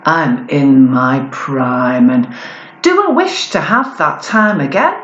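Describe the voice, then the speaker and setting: A woman performs her own poetry slowly and defiantly, drawing out every line. Her voice sits low but swings widely in pitch. An echoey room surrounds her. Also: sing-song, lo-fi sound. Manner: defiant, deliberate, drawn-out delivery. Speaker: performance poet. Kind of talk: spoken-word poetry performance.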